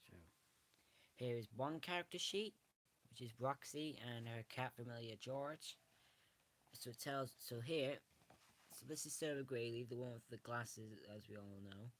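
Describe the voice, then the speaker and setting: A man's voice: mid-range voice, a little slow, a bit bright. A man, casually showing a book on camera and rambling through it with frequent restarts. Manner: rambling, restarts often, self-correcting. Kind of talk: casual show-and-tell.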